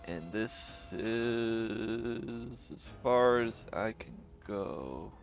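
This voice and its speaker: A man streaming a video game, talking casually with excited reactions and swearing. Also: lowish voice, very slow, gravelly, soft background music. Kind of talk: gaming commentary.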